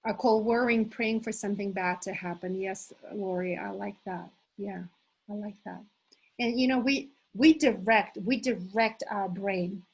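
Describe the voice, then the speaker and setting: A middle-aged woman leading a live motivational workshop as a coach, enthusiastic and animated, talking to her listeners as "you guys". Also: mid-range voice, a little slow, slightly rough, poor audio. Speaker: manifestation coach hosting an online challenge.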